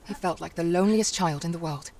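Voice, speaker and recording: A woman as a calm storybook narrator. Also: fairly low pitch, quick pace, heavy background noise, lightly acted. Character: gentle female storybook narrator. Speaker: game narrator.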